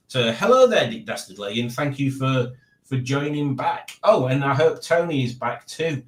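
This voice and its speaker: A man's voice: medium pitch, animated, normal speed, roomy sound. A man hosting a live-stream quiz in casual chat, rambling and jokey as he reads viewer comments aloud.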